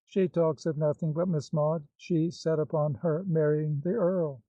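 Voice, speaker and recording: A man's voice: on the high side, fairly even intonation, unhurried, mellow, dry recording, natural voice. A man reading the part of an anxious, devoted older woman with a pleading, fretful manner, in a dull, dry recording.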